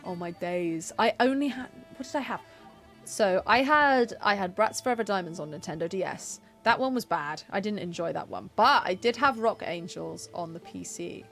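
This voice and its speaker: A woman's voice: medium pitch, expressive, normal speed, a bit bright, soft background music. A woman who streams games, chatting casually, laughing often and reading the game text aloud. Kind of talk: casual gameplay commentary.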